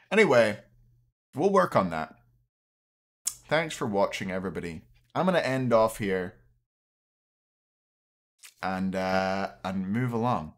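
A man's voice: medium pitch, a bit bright. A young man chatting casually on a late-night stream, a little tipsy, rambling and restarting his sentences. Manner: rambling, trails off, frequent restarts. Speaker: streamer and caster.

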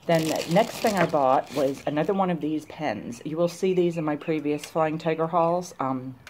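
A woman's voice: deep voice, moderate pace. A woman chatting casually to camera in a shopping haul video, gushing over cute little items. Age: adult, grown woman. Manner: gushing, chatty, excited about cute things. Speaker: YouTuber showing a shopping haul.

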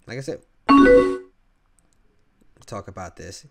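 A man with a fairly low voice reads chat messages aloud and breaks into slangy, animated reactions. Loud game music plays underneath, with keyboard typing. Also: normal speed, gravelly, long pauses. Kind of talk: casual gameplay commentary.

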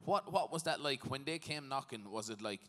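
A man's voice: medium pitch, animated, fairly quick, pushed and bright. A man hosting a live podcast interview, asking questions in a jokey, friendly way. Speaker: podcast host. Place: live stage before an audience. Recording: long reverb of a live venue with faint noise.

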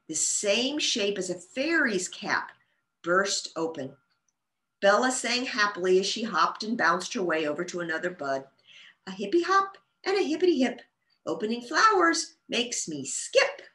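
Woman storytime reader, expressive and sing-song, bright tone. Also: fairly low pitch. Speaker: children's librarian. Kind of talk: storytime read-aloud. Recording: roomy echo.

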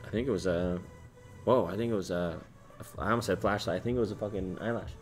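A man's voice: deep voice, fast, faint music behind. A young man in his twenties streaming live, casually reading viewer comments aloud and swearing now and then. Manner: swearing, animated, shouts out chat names and places.

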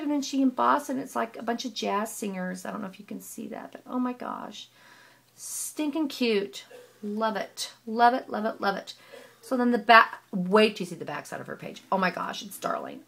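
A woman's voice: a little high, gravelly, fairly bright tone. A woman gushing in a casual show-and-tell of handmade scrapbook pages, piling on praise and repeating words of delight. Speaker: scrapbooking vlogger.

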